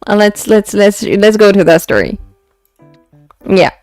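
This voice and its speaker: A woman's voice: mid-range voice, lively intonation, measured pace, a little mellow, no echo, faint music behind. A young woman with an Indian English accent streaming live, chatting casually and mixing English with Hindi, full of restarts. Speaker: VTuber streamer. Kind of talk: casual live-stream chat about fan poetry.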